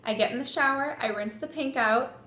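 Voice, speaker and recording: A young woman telling a story in a casual vlog, animated, swearing freely and saying "like" a lot. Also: sits high, brisk, roomy sound. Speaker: vlogger.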